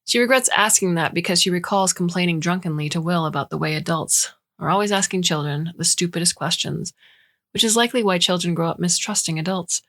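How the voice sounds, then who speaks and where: A woman narrating a short science fiction story in a measured, even reading. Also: lowish voice.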